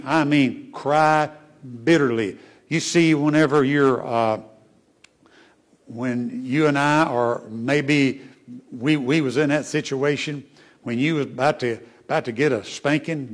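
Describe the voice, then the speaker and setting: A man preaching a sermon as a pastor, who swings between emphatic rises and hushed asides and asks his congregation questions. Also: mid-range voice. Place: church sanctuary.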